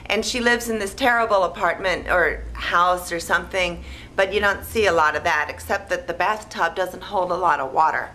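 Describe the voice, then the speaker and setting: Bright-voiced lady rambling through a movie plot, naive and deadpan, lots of "like". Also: lowish voice, normal speed, a little hiss or hum, poor audio. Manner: naive, wandering, full of "like" and "you know". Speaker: movie recapper.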